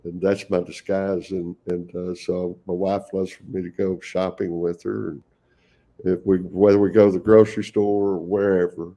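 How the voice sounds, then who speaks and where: A deep, gravelly older man with a Texan accent, telling stories in a folksy way and chuckling often. His voice is dark and mellow, heard over a video call. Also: flat delivery, moderate pace. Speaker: guest, professional Santa Claus. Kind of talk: casual interview conversation.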